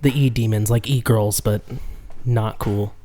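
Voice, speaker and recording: A man's voice: lowish voice, fairly even intonation, measured pace, dark tone. A man co-hosting a casual movie commentary podcast, giggling and tossing out playful wordplay.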